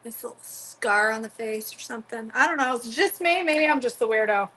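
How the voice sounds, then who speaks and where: A woman's voice: a little high, animated, a little fast, pushed and bright, a little hiss or hum, low-quality recording. A middle-aged woman chatting casually while cooking in her home kitchen, teasing viewers by name. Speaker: cooking vlogger.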